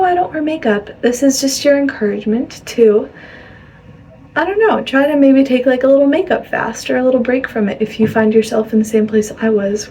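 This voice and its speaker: Young woman, higher voice, rambling vlog chat, laughs a lot, faint hum behind. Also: warm tone. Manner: chatty, rambling, laughs often. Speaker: vlogger.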